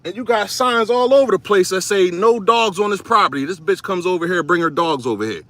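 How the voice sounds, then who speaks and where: A man's voice: high voice, animated, a little fast, fairly bright tone. A man filming a casual vlog outdoors in a cemetery on a handheld phone, talking bluntly with plenty of swearing and a confrontational edge. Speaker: content creator. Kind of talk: casual vlog commentary while walking.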